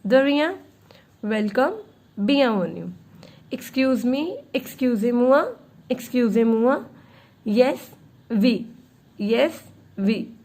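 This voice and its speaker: Slow, high-voiced woman teaching French. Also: expressive, a little mellow. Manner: slow, patient, repeats each word. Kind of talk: beginner language lesson.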